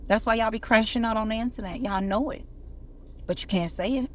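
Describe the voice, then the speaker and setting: A woman's voice: fairly high pitch, fairly quick, a little hiss or hum. A woman giving a casual motivational talk, preachy and conversational, quoting scripture and addressing her viewers directly. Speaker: online commentator.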